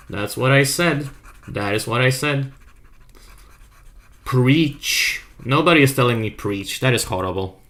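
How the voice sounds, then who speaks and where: A man's voice: mid-range voice, measured pace, long pauses, fairly bright tone. A young man and non-native English speaker with a self-made accent, chatting playfully and trolling on an art stream while reading chat aloud. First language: not English. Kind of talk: casual live-stream chat.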